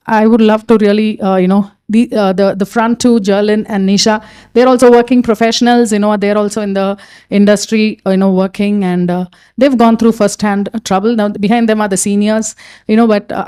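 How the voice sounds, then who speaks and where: A woman's voice: medium pitch, dark tone, clear, resonant tone. A middle-aged woman, a pastor's wife, talking casually to a group of women. She keeps asking "right?" and saying "you know what".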